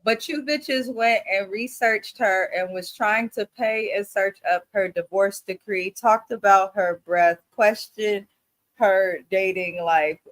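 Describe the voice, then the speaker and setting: A woman's voice: medium pitch, takes it slowly, fairly bright tone. Blunt, profane woman from Oakland. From Oakland, California. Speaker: co-host. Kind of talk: casual recap chat.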